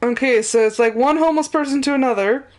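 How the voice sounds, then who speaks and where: A woman's voice: high voice, quick pace, darkish tone. A woman streamer chatting casually and laughing often while commenting on a game she is playing live.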